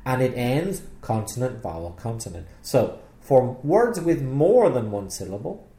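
A British man explains spelling rules like a patient English teacher. His tone is mellow and a bit dark, and the voice rings in an echoey room. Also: mid-range voice, sing-song, unhurried.

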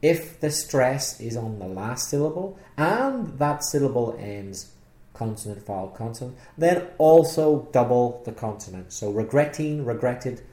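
A man with a British accent, teaching English spelling rules patiently and clearly in a podcast lesson. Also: mid-range voice, lively intonation, a little slow, mellow, roomy sound.

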